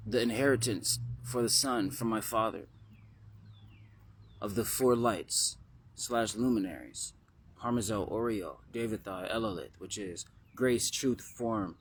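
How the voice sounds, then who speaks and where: A man giving a rambling spiritual teaching monologue that drifts into slow, chanted lists. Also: fairly low pitch.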